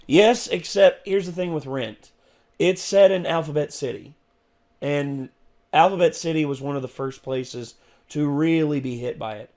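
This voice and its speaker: Man, slightly higher voice, casual chat, rambling, lots of restarts. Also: moderate pace, a little mellow. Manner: rambling, many restarts and fillers. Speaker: co-host of reaction show.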